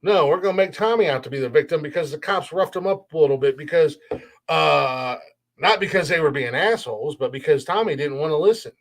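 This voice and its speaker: Podcast host, male, slightly raised pitch; blunt, profane, fired-up monologue full of restarts. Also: lively intonation, fairly quick. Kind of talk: opinionated solo podcast rant.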